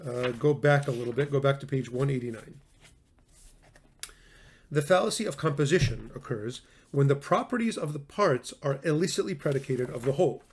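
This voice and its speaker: A man's voice: mid-range voice, expressive, moderate pace, darkish tone, husky. A man giving a recorded classroom lecture on logic, talking in a conversational way, stressing words for emphasis and often restarting his sentences.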